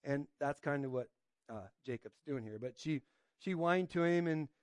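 A man with a fairly high voice preaches an informal sermon. He asks his listeners questions and checks in with "right?". He often stops on fillers and restarts. The sound is dry and close. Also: moderate pace, no echo. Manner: hesitant, with frequent fillers and restarts. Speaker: pastor. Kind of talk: conversational sermon with scripture reading.

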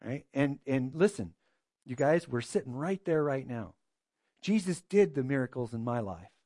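A man's voice: mid-range voice, lively intonation, moderate pace, warm tone, no echo. A man preaching a sermon as a pastor, earnest and full of rhetorical questions.

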